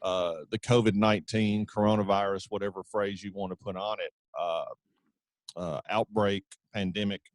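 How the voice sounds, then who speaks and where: A man's voice: on the low side, fairly even intonation, moderate pace, no room sound. A man hosting an interview podcast, friendly and chatty, with frequent fillers. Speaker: podcast host. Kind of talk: casual interview talk.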